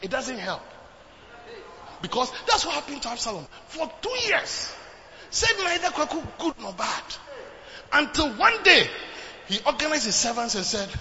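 A man preaching a sermon in a church, swinging between quiet talk and loud shouted exhortation. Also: very high voice, sing-song, moderate pace, pauses often. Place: church hall. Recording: dull lo-fi recording with background noise.

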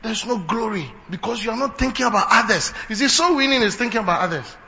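A man preaching a fiery sermon, building to shouts. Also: sits high, expressive, quick pace, vocal fry, long reverb tail. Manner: fiery, rising to shouts, mixing in local phrases. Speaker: pastor. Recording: dull lo-fi recording with faint noise.

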